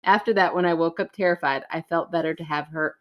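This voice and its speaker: A woman's voice: low voice, steady tone, fast talker, lo-fi sound. A woman co-hosting a podcast in casual chat, giggly and encouraging. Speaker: podcast co-host.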